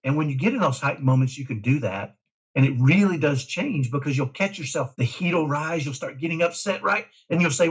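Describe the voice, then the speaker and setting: A middle-aged man from Dallas, a parent guest talking in an emphatic, energetic way in a casual interview. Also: fairly high pitch, fairly quick, husky, poor audio. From Dallas, Texas. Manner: energetic, emphatic, self-described type A.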